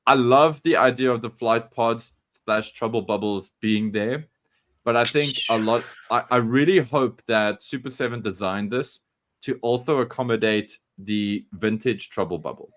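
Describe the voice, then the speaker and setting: A man's voice: medium pitch, normal speed, fairly bright tone. A man co-hosting a casual live-stream chat, chatty and joking, often restarting his sentences. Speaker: podcast co-host.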